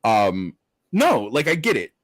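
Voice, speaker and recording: A man's voice: medium pitch, wildly swooping pitch, slow, no room sound. Rambling man in casual chat. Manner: rambling, swears, many fillers and restarts.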